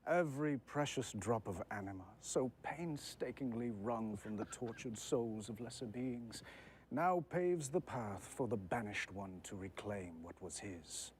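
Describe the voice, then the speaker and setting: A man voicing a grandiose, cruel vampire lord with slow, gloating menace. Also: mid-range voice, animated, darkish tone, slight background noise, pitched below the performer's own voice, natural voice.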